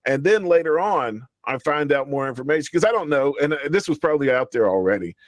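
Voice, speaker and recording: A man's voice: on the high side, animated, quick pace, dry recording. A man telling a story in casual chat, profane and heated, often laughing through his words. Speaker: show regular.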